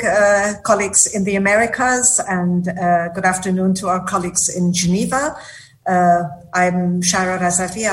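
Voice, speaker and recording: A woman's voice: fairly low pitch, a little hiss or hum, poor audio. A woman department director greeting colleagues formally at an online meeting.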